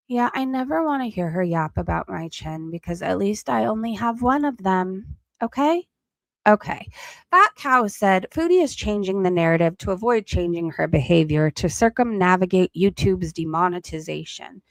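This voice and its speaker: A woman's voice: medium pitch, expressive, moderate pace, creaky, no room sound. A woman hosting a casual livestream commentary, chatty and loose, with lots of "um" and "like". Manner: chatty, with frequent fillers like "um" and "like".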